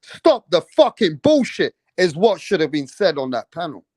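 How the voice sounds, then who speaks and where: A man's voice: on the high side, big pitch swings, normal speed, darkish tone, no room sound. A man, a boxing channel host, ranting indignantly in heated casual commentary with heavy swearing.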